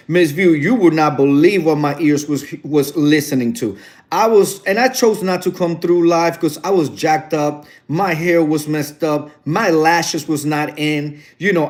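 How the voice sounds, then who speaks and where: A chatty man with a fairly high voice tells his viewers a story in a sassy, gossiping way. He talks casually and directly to the camera. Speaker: vlogger addressing viewers. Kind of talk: casual chat.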